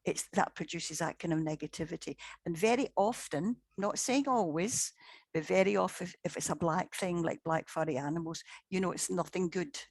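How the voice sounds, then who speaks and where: An older woman with a lowish voice recounts case stories as a guest. She talks conversationally, repeats words, and quotes others in dialogue. The sound is dry and close. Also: normal speed, a little mellow, no echo. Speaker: paranormal investigator, guest. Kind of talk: anecdotal storytelling in conversation.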